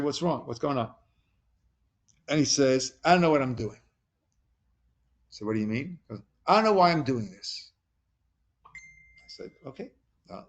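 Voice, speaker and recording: Man teaching as a rabbi, chatty. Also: medium pitch. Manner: conversational, asks the group questions, retells stories with quoted dialogue. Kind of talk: informal lesson to a small group. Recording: recorded conference call.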